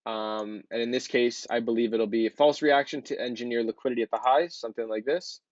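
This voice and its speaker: Talking a little fast with fairly even intonation, a man of medium pitch guides viewers through trading charts on a casual screen-share. This trading educator rambles with lots of ums and fillers. There's no echo, and the highs are cut off.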